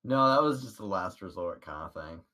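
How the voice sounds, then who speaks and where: A man's voice: deep voice, lively intonation, normal speed, bright, forceful tone. A man playing in a tabletop game, making dry jokes in casual chat. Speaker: player.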